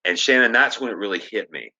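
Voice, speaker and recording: A man who works as an actor, telling stories as a podcast guest in a casual, animated way and acting out the lines of the people he quotes. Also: fairly low pitch, fast, dull audio. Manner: animated storyteller, acts out quoted dialogue. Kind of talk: casual storytelling interview.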